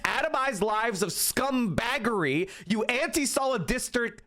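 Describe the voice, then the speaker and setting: A fired-up man in his thirties rants through political commentary on his stream, swearing freely. His voice sits fairly high and swings widely in pitch as he gets heated. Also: a bit bright. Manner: heated, ranting, profane. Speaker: streamer host.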